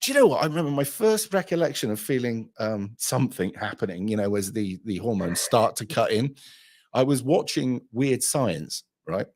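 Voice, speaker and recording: A man's voice: mid-range voice, big pitch swings, moderate pace, darkish tone. A hungover man, hosting a livestream and chatting crudely, swearing and rambling. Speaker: livestream host. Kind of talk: crude casual chat.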